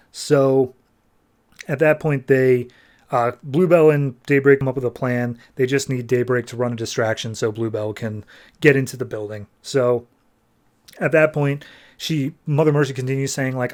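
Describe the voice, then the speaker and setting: A man's voice: mid-range voice, steady tone, moderate pace, a little mellow. Man casually recapping a comic. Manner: retells scenes, briefly voicing characters. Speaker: podcast host.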